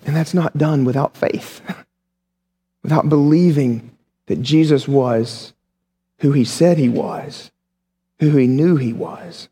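A male pastor preaching a sermon in a lively, conversational way, with humorous asides. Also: on the high side, takes it slowly, long pauses. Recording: long hall reverb.

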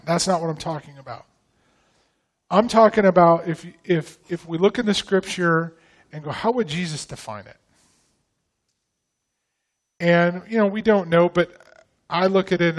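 A guest pastor from the northern United States, whose voice is a little high, gives a sermon casually and conversationally. He puts questions to the congregation along the way.

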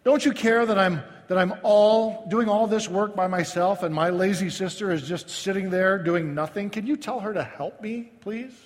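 An exasperated, overworked woman pleads for help, as a male preacher briefly puts her on. The voice sits high and rises with complaint. Long reverb from a large hall trails behind each phrase. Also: normal speed, few pauses, lightly acted.

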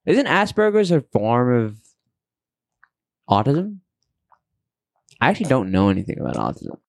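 A young man co-hosting a casual podcast, rambling and hesitating as he thinks aloud. His voice moves up and down in a lively way. The close microphone gives a dry sound with no room around it. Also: mid-range voice, moderate pace, gravelly, no echo. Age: young adult. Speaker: podcast co-host. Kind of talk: casual chat.

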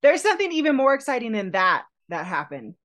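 A woman co-hosting a podcast, telling a personal story in an animated, chatty way with frequent laughter. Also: on the high side, fast talker. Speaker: podcast co-host telling her proposal story. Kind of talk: casual storytelling chat.

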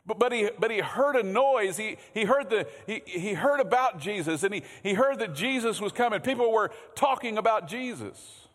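A man's voice: high voice, expressive, moderate pace, hardly any pauses, fairly bright tone. A man preaching a sermon as pastor in a church, conversational, often repeating words and asking the congregation questions. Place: church sanctuary. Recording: long hall reverb.

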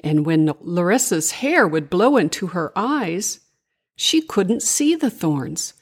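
An older woman reads a children's tale slowly and gently. Her voice rises and falls in wide, lively swings, like a storyteller reading aloud. The telling is soft and unhurried. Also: fairly low pitch, husky.

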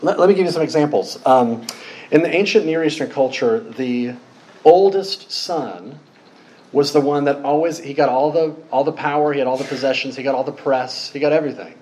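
A man's voice: medium pitch, fairly quick, a little mellow, low-quality recording. Casual, joking preacher man. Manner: informal and storytelling, with frequent fillers and joking asides. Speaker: pastor. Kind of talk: conversational sermon.

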